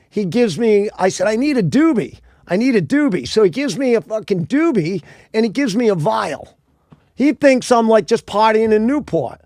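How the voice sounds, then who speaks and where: Fast-talking high-voiced New man. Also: no echo, clean studio sound. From Rhode Island, US. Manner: animated, profane, acts out quoted voices. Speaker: podcast co-host telling his story. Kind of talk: casual storytelling.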